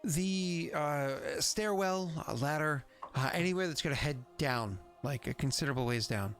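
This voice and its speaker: A cagey man who pieces together secrets, as a man puts him on in a tabletop game, hesitating and hedging between words. The voice sits slightly high. Faint music runs in the background. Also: moderate pace, a bit bright. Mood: hesitant. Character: male information broker, cagey and hesitant.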